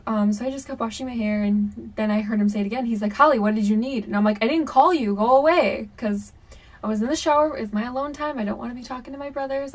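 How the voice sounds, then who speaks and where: A young woman tells a spooky story from her own life straight to her viewers, chatty and animated, with plenty of "um"s and "like"s. Her voice sits at an ordinary middle pitch, and the mic is a little distant from her. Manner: chatty, animated, many fillers like "um" and "like". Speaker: YouTuber. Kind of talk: casual storytelling to camera.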